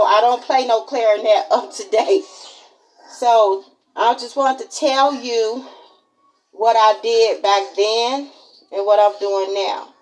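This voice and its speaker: A woman in her forties with a Chicago accent, telling stories straight to her viewers. Her voice sits fairly high, and she talks in a casual, chatty way. She often says the same thing twice. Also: rough recording. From Chicago, Illinois, USA. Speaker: vlogger. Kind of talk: casual personal storytelling to camera.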